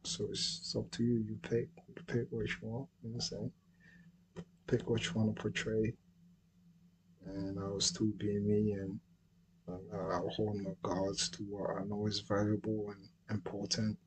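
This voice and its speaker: A man's voice: on the low side, completely flat delivery, moderate pace, a little hiss or hum, poor audio. A man hosting his own livestream, talking in a laid-back, slangy way and often checking that listeners follow him. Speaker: livestream host. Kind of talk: casual livestream chat.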